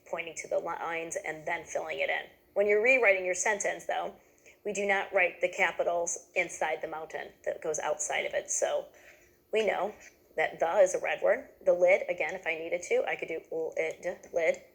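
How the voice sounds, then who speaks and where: A woman's voice: fairly low pitch, fairly even intonation, moderate pace, vocal fry, a bit bright, low-quality recording. A woman giving a patient, step-by-step lesson to teachers, checking in often with "okay?". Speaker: teacher trainer.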